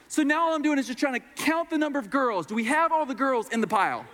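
A man's voice: very high voice, lively intonation, quick pace, hardly any pauses, fairly bright tone. A middle-aged man pastor telling a story in a sermon, acting out the voices of the people in it. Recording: long hall reverb.

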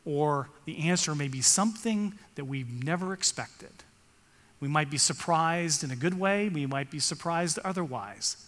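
A man's voice: a little high, normal speed, a bit bright. Man preaching in a reverberant hall. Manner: earnest preaching, reading scripture aloud, rising for emphasis. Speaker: pastor. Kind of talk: sermon.

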